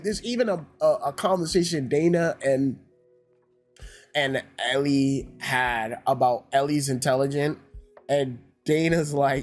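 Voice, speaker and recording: A man giving a casual, ranting review, swearing heavily and sounding exasperated. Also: fairly high pitch. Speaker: YouTube reviewer.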